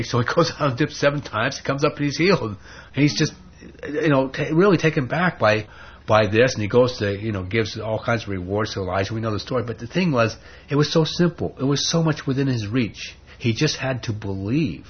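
A man's voice: medium pitch, a little fast, breathy edge. A man preaching a sermon in an emphatic, conversational way, often asking rhetorical questions. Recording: dull lo-fi sermon recording.

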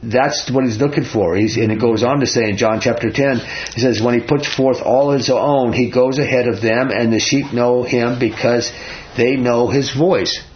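A man's voice: medium pitch, fairly even intonation, normal speed, lo-fi sound, slight background noise. A man leading an informal Bible study, talking earnestly and conversationally and putting questions to his listeners. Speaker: Bible teacher.

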